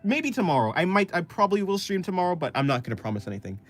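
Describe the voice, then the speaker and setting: A man's voice: high voice, sing-song, racing, soft background music. A young man giving casual, hesitant commentary on drawings as an art streamer, rambling with many restarts.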